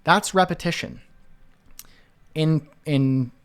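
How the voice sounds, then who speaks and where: A man's voice: fairly high pitch, slow pace, clear, resonant tone. A man teaching web design, talking casually through a screen-share walkthrough and thinking aloud with fillers and restarts.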